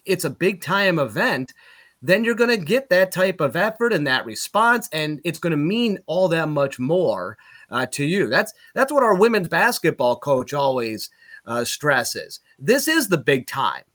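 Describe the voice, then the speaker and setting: This middle-aged man, a play-by-play broadcaster from Utica in upstate New York, has a fairly high pitch and talks a little slowly. He tells road stories in relaxed podcast chat, staying animated and raising his volume at the punchlines.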